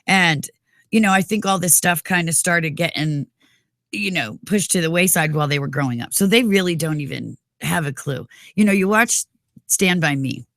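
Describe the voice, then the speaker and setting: Brief: woman in her forties, radio morning co-host, gravelly edge, dry studio sound, emphatic and opinionated. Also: fairly low pitch, lively intonation, moderate pace, fairly bright tone, dry recording. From New York. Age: 40s. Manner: opinionated, emphatic, sprinkled with "you know". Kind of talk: casual talk radio chat. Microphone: studio mic.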